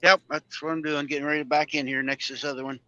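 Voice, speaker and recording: Man, truck driver on a livestream, very bright tone, smooth voice, dull lo-fi sound. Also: fairly high pitch, flat delivery, very fast. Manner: easygoing, chatty, greets viewers by name. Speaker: truck driver co-streaming from his cab. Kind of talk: casual livestream chat. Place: parked truck cab.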